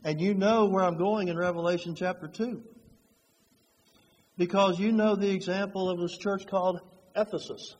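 A man preaching a sermon, moving between hushed, slow passages and fervent, rising ones. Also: high voice, steady tone. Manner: dynamic, swings from hushed to fervent. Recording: long hall reverb.

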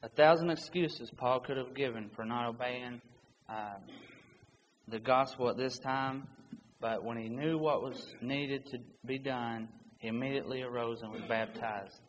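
A man's voice: mid-range voice, a little slow. Guy giving an earnest sermon, reads scripture, urgent tone, big echoey hall w/ faint hiss. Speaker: preacher. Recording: long hall reverb with faint background noise.

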